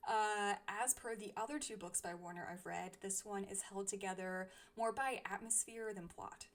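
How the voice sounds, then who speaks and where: A young woman reviewing books she has read, speaking thoughtfully with frequent small laughs. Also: medium pitch. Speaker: book reviewer. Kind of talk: casual book review.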